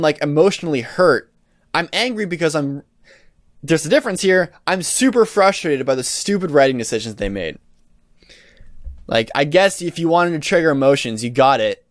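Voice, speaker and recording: A man's voice: on the high side, lively intonation, normal speed, no room sound, studio quality. A young man hosting a solo podcast, ranting in an exasperated, rambling way with lots of restarts and swearing. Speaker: podcast host. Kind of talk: casual solo podcast rant.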